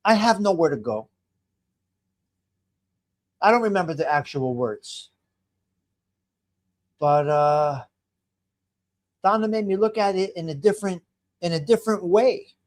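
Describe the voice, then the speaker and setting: High-pitched and animated, this man speaks at a measured pace with long pauses. He's in his fifties, hosting an easygoing live stream from home where he greets viewers by name and rambles, restarting sentences as he goes.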